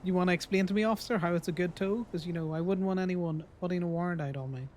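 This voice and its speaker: Brief: man with a high voice, sarcastic banter from the cab of a tow truck, faint hiss behind. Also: quick pace, a little mellow. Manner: joking, sarcastic. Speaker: tow truck driver roleplayer. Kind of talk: casual roleplay chat.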